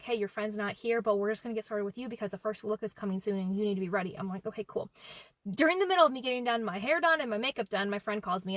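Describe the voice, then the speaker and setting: Fast-talking higher-voiced woman telling a story, bright, dry close mic. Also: no room sound. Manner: animated, quoting people in dialogue. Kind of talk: casual storytime.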